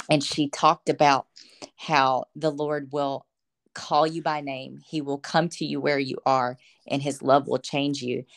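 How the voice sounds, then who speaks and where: Podcast guest: woman with a deep voice, earnest and heartfelt, laughs easily while she tells her story. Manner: earnest, emotional, laughs often. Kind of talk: casual faith testimony.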